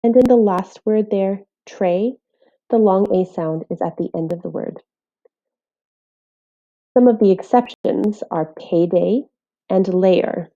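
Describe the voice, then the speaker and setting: Lady walking teachers through phonics, warm dark tone, sounds letters out slow and clear. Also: mid-range voice, highs cut off. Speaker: literacy teacher. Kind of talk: scripted instructional voice-over.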